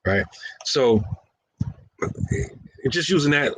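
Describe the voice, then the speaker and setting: A man's voice: mid-range voice, animated, slow pace, fairly bright tone, no room sound, low-quality recording. A man, talking casually and playfully while acting out everyday scenarios and chuckling at his own lines.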